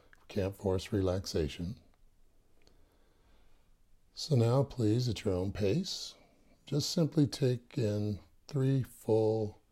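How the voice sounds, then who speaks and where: A man leading a guided meditation, calm and soft-spoken with touches of light humor. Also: fairly low pitch, husky. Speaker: meditation teacher.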